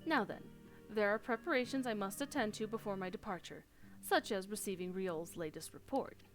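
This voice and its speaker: A woman reading the formal, measured lines of a dignified male commander from a game. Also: mid-range voice, lightly acted. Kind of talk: reading game dialogue aloud.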